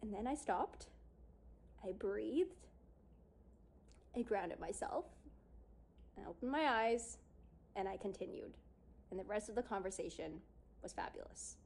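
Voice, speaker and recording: A woman's voice: mid-range voice, a little slow, pauses often, a little mellow. A woman telling a personal story to her audience in a casual way, using lots of fillers and acting out what she and others said. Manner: casual, lots of "like", acts out her own past lines. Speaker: speaker on confidence and yoga.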